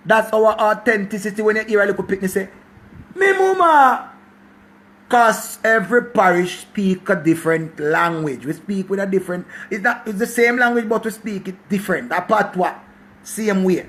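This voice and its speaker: A man's voice: high voice, steady tone, moderate pace, fairly bright tone. A Jamaican man in his forties giving a preachy life talk in a mix of patois and English, repeating himself and swearing. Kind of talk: passionate casual monologue.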